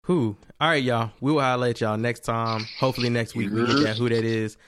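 A man from Virginia hosting a podcast, talking loose, slangy and animated. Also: medium pitch, a little fast, background noise. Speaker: podcast host. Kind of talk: casual podcast chat.

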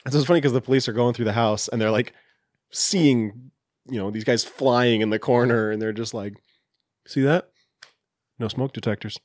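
A man's voice: mid-range voice, fairly even intonation, brisk, dry recording, studio quality. A man co-hosting a podcast, casually retelling film scenes and briefly mimicking the characters' lines. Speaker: podcast co-host.

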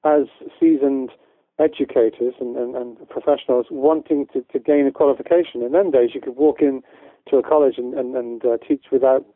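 A man's voice: medium pitch, steady tone, a little fast, no room sound. A man from the UK, a guest educator in a casual interview, talking in a rambling way with many restarts. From United Kingdom. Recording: tinny phone-line audio, dry.

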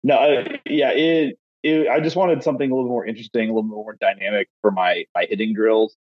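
A man's voice: mid-range voice, fairly even intonation, fairly quick, dry recording, highs cut off. A man co-hosting a casual podcast, a baseball coach telling jokey stories about his drills. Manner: joking storyteller. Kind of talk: casual chat.

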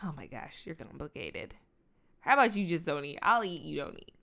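Young female co-host, animated pitch, playful teasing banter. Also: a little fast, creaky. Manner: playful, laughs often, teasing. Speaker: podcast co-host. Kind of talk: casual couple chat.

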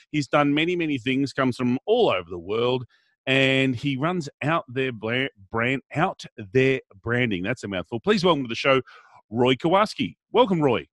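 A man's voice: mid-range voice, fairly bright tone, no echo. Upbeat aussie guy hosting a chat show, dry close sound. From Australia. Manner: chatty, upbeat, jokey. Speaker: podcast host. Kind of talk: casual interview hosting.

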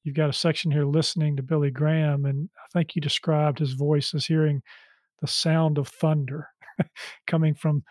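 A male interviewer talks with his guest, summing up the guest's story and leading into questions. His voice sits fairly high for a man. The recording is dry and close, with no room sound, and his delivery is loose and full of fillers. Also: level tone, normal speed, a little mellow, no echo. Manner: prompting, summarizing, many fillers. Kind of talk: conversational interview.

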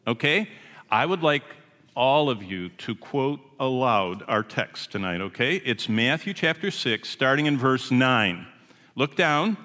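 A man's voice: medium pitch, expressive, unhurried, bright, forceful tone. A man who is a traveling missionary preaching a sermon to a congregation, telling stories in a folksy, chatty way with asides to the audience. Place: church or meeting hall with a congregation. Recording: long hall reverb.

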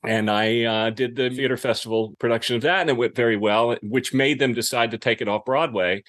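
A man's voice: mid-range voice, steady tone, fairly quick, background noise. A man from Richmond, Virginia, guesting as an actor and telling chatty stories in a casual interview. He laughs easily and restarts his sentences as he rambles.

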